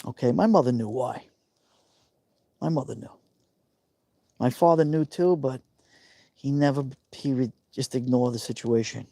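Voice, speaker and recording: Speaking a little slowly and pausing often, a New York man in his fifties hosts a live stream in a warm, mellow, creaky voice of medium pitch. His personal story comes out emotional and confiding, with frequent repetition for emphasis. The recording is dry, free of echo.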